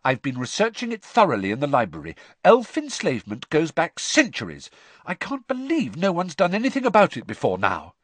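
A man voicing an earnest, bossy teenage girl campaigner who talks briskly and insistently. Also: on the high side, wildly swooping pitch, dry recording, pitched above the performer's own voice.

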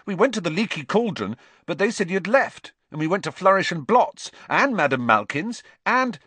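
A man voicing a cheeky, joking teenage boy who talks in quick, teasing, excitable bursts. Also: mid-range voice, no room sound, voice pushed up.

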